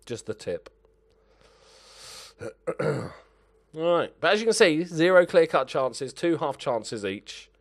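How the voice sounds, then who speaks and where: A young man with a rather high, sing-song voice talks slowly, with long pauses, as he plays a football management game for his gaming channel. He mutters to himself and swears at his players while commenting.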